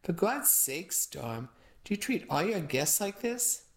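A woman's voice: lowish voice, big pitch swings, unhurried, pitched above the performer's own voice. A woman voicing an irritated young male guest who answers curtly. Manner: curt, irritated.

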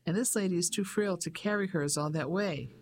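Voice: medium pitch, brisk, close to an everyday voice. A reader voicing a polite, proper young Englishwoman on holiday, in an audiobook. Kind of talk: audiobook character voice.

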